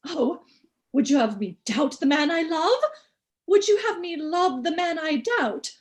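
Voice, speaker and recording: A woman's voice: sits high, expressive, a little slow. A woman playing a young bride on stage, sobbing and melodramatic. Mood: earnest. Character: weepy flustered young bride. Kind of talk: stage comic opera acting.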